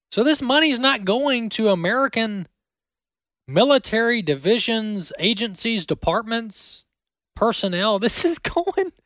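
Sarcastic animated male talk show host. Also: very high voice, no echo, studio quality. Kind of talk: opinionated political commentary.

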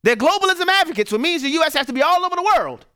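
A man's voice: very high voice, expressive, rapid-fire, sharp tone, no room sound, studio quality. Fired-up male radio talk host. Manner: emphatic, fired-up, rhetorical questions. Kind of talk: political commentary. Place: radio studio.

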